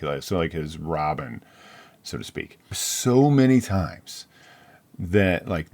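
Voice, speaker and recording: A middle-aged man chats about books in a loose, wandering way, full of fillers and restarts. His voice is very deep, with a rough, gravelly fry. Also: darkish tone. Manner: rambling, filler-heavy and self-interrupting. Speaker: book reviewer. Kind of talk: casual book chat.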